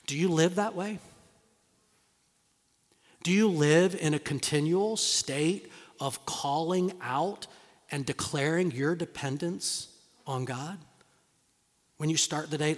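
A male pastor preaching a sermon in a dramatic, storytelling way, acting out voices and dropping to hushed tones. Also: a little high, takes it slowly, long pauses, in a large hall.

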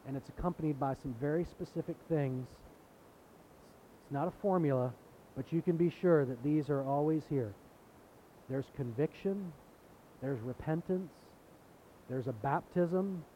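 Earnest male preacher, dull lo-fi sound. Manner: earnest, building to impassioned emphasis with repeated phrases. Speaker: pastor. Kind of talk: sermon. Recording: dull lo-fi sound with faint rumble.

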